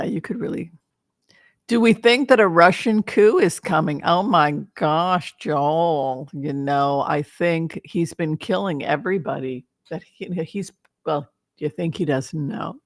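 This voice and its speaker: Woman tarot reader, casual chat, rambling and playful, gravelly voice, slow delivery. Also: low-pitched, dry recording, clean studio sound. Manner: rambling, playful, breaks into laughter.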